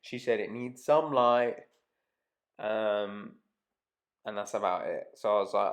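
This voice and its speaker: A man's voice: lowish voice, measured pace, long pauses. A man telling a rambling, casual anecdote to camera, swearing freely and trailing off mid-sentence. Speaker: vlogger.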